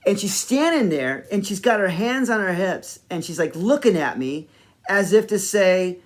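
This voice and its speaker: A man telling a personal story in a casual, rambling way, full of fillers and animated in places. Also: sits high, a little slow. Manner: animated when reliving the moment. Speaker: host.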